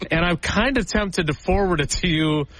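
A man's voice: sits high, a little slow, a bit bright, slight background noise, poor audio. A man hosting a sports radio show, chatting earnestly and reading live ads.

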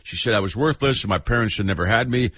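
A man's voice: on the low side, fast, a bit bright, no echo. A man hosting a radio talk show, reading a listener's message aloud in a laid-back way, chuckling often.

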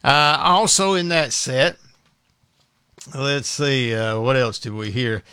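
A man's voice: medium pitch, takes it slowly, pushed and bright, clear, resonant tone, no room sound. A male radio host in a studio, chatting casually between recordings with rambling remarks and laughs.

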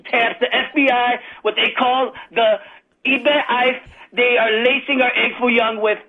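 A man from Chicago with a Chicago accent calling in to a sports talk show, rambling fast and joking. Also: very high voice, little pitch movement. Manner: rapid-fire, rambling, jokey. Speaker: caller. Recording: dull lo-fi phone line.

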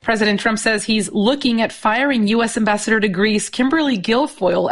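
A woman reading a radio newscast in a crisp, measured delivery. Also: mid-range voice. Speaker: news anchor.

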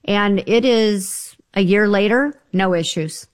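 A woman talks in a relaxed, chatty way on a talk show. She tells stories with emphasis and often puts in asides. Her pitch sits in the middle range. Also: slow, clean tone. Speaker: guest health advisor. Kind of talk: casual radio talk.

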